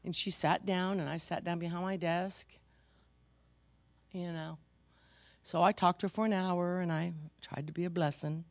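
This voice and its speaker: A pastor preaching a sermon in a conversational, animated storytelling manner, self-deprecating and lively. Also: mid-range voice, moderate pace, pauses often, dry recording.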